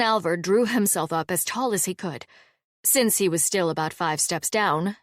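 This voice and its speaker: A woman narrating a fantasy audiobook in an even, measured storytelling manner. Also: fairly low pitch, dry recording, clean studio sound.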